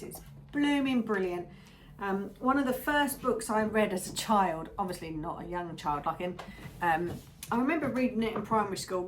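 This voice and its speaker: A woman giving a casual tarot reading to her viewers, chatty and rambling, often drifting into little asides. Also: mid-range voice. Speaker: tarot reader.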